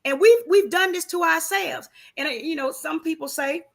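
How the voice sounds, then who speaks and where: A woman's voice: very high-pitched, moderate pace, gravelly. A woman in a casual, faith-based conversation, talking emphatically and preachily with many rhetorical questions.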